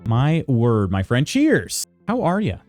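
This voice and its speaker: Lively chatty male streamer. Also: medium pitch, takes it slowly, faint music behind. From United States. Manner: chatty, greets viewers by name, reads chat aloud. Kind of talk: casual chat with live chat.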